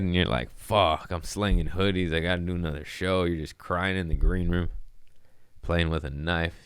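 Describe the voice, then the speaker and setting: A man's voice: deep voice, clean tone, no room sound, studio quality. A young adult man, a comedian, rambling casually and profanely, laughing between lines.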